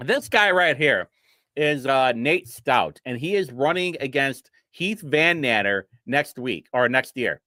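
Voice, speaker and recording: Young man, streamer, lively pitch, mocking, rambling, laughs a lot, dry close sound. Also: takes it slowly, no echo. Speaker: streamer host. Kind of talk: casual live-stream commentary.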